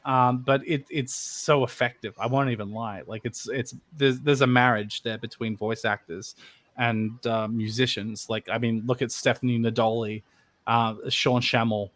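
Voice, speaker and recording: A man's voice: medium pitch, fairly even intonation, moderate pace, fairly bright tone. A man on a voice actor panel, chatting casually with many fillers and restarts.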